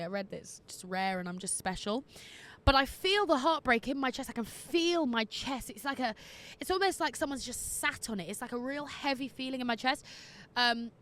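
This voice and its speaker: A woman hosting an advice podcast in casual chat, candid and quick to laugh. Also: on the high side, fairly bright tone. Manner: chatty and candid, laughs easily. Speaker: podcast host giving listener advice.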